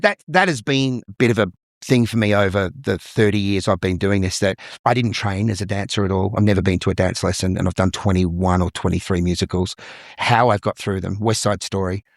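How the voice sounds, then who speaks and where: A middle-aged man with an Australian accent, talking as an interview guest in a lowish voice with a gravelly edge. He tells stories from his career with energy and slips into the voices of the people he quotes. The sound is dry and close. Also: no echo. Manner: lively storyteller who acts out the people he quotes. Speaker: guest, musical theatre performer. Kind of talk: interview storytelling.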